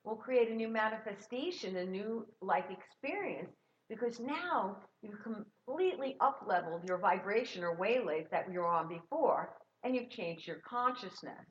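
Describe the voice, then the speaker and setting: A middle-aged woman gives an encouraging sermon in a church sanctuary. Her voice sits at a middle pitch. The recording is a little dull and lo-fi. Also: expressive, normal speed. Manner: warm, encouraging, leads the congregation in call-and-response. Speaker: guest minister. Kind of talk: sermon with sung jingles.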